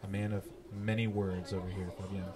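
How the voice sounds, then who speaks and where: A man teaching a class and hosting the show, asking questions in a relaxed, playful, teasing way. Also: low voice, a little fast, a crowd in the background.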